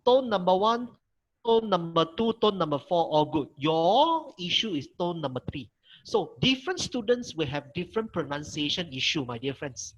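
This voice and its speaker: Over a muffled recording, a middle-aged Malaysian-English-accented man teaches Mandarin in an online workshop on a video call. He speaks high-pitched and very animated at a moderate pace, patiently repeating himself and modeling the tones.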